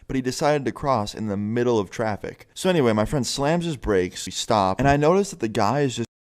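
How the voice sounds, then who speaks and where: A man's voice: medium pitch, lively intonation, a little fast. A young man telling a story in a casual, rambling way, swearing freely and filling his talk with "like". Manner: profane, rambling, full of filler "like".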